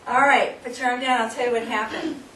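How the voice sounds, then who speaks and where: A woman's voice: fairly high pitch, fairly even intonation, fairly quick, a bit bright. Echoey, distant woman leading a workshop. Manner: instructive, coaxing, laughs often. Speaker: seminar speaker. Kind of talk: live workshop demonstration. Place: hall with an audience. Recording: distant, echoey room recording with noise.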